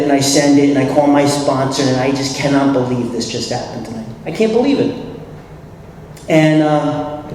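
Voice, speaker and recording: A man with a New York accent telling his recovery story at a convention, animated, acting out dialogue and laughing often. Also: mid-range voice. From New York City. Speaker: recovery meeting speaker. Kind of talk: personal recovery story talk. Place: convention hall. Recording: echoey hall, distant mic, faint hiss.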